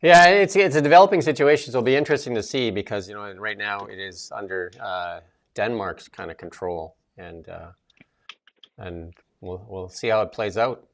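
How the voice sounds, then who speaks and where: A man's voice: fairly low pitch, normal speed. A middle-aged man co-hosting a casual political chat, rambling with many fillers and restarts. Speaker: co-host.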